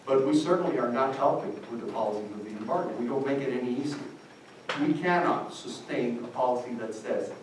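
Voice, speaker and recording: A man's voice: mid-range voice, a little fast, a little hiss or hum. An older man from Cuba with a Cuban accent, speaking emphatically as a seminar panelist and switching into Spanish as he speaks. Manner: passionate and emphatic, switches into Spanish, voices quoted people. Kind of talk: impassioned public talk. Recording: echoey hall, distant mic, faint ambience.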